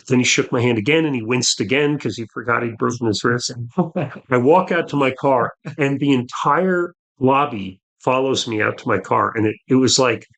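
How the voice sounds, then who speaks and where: A man, a podcast guest earnestly telling a personal story, with halting restarts. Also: mid-range voice, gravelly, fairly bright tone.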